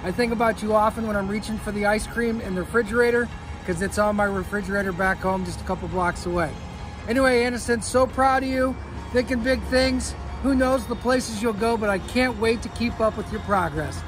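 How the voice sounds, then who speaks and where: Older man with a high voice outdoors. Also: steady tone, a little fast. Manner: jokey, upbeat storytelling. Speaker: grandfather. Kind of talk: recorded video message. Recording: outdoor street traffic noise.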